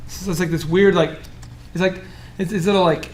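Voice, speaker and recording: Animated high-voiced male business coach. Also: normal speed, a little hiss or hum. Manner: animated, joking, acts out quoted voices. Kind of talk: coaching workshop talk.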